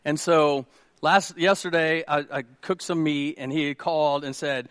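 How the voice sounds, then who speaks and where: A man, preaching a sermon with animated storytelling and questions to the congregation. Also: on the high side, a little slow, clear, resonant tone, dry recording. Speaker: pastor.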